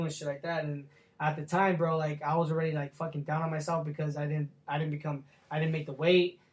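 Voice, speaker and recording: A man's voice: fairly high pitch, flat delivery, fast. A young man, a professional boxer, telling stories in a casual sit-down interview, talking loosely with lots of slang and swearing. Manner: loose slangy talk, full of "like" and "bro", swears freely.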